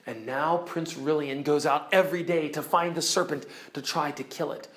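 A man retelling a children's book aloud in an expressive, animated way, swinging between loud bursts and hushed lines. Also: fairly high pitch, normal speed, slight background noise. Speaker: storyteller.

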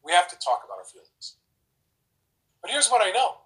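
A man with a slightly higher voice talks through relationship advice in a relaxed, explanatory way. He is animated and often slips into acting out short example dialogues to make his point. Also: a little fast, rough recording. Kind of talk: casual explanatory talk.

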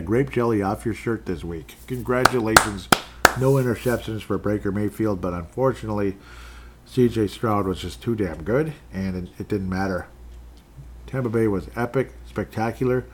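Low husky guy doing a loose sports recap, jokey and rambly. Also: darkish tone. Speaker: podcast host.

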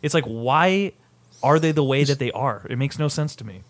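Podcast co-host, male, mid-pitched, blunt and profane. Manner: blunt, profane, quick interjections. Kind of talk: casual podcast chat.

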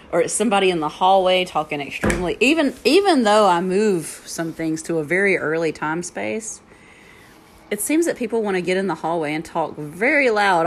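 A yoga and meditation teacher hosts her own podcast from home, chatting solo and telling rambling stories with frequent laughs. Her voice sits on the low side, with slight background noise and a rattling heater behind her.

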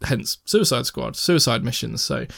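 A man's voice: mid-range voice, a little slow, gravelly, a bit bright, no echo, studio quality. Rambling, sweary young man. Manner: rambling, sweary, laughs often. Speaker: podcast co-host. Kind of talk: casual film chat.

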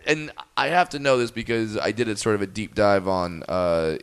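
Man with a smooth, clear voice. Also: fairly low pitch, normal speed. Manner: curious, rambling trivia tangents. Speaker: podcast host. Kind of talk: casual podcast chat.

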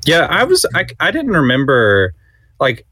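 A man co-hosting a podcast, talking excitedly and rambling with casual swearing. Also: on the high side, a little slow, no echo, clean studio sound. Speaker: podcast co-host. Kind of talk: casual film discussion.

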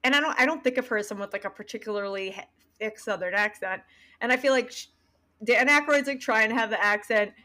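A woman's voice: on the high side, fast talker, bright, forceful tone. A woman co-hosting a podcast, joking bluntly in casual chat about a film. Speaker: podcast co-host.

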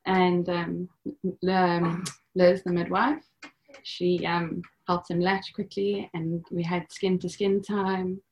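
A woman's voice: fairly low pitch, level tone, takes it slowly, darkish tone, dull audio. A young woman telling her own story as a podcast guest, chatty, with many fillers and bits of quoted dialogue. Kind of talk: personal storytelling.

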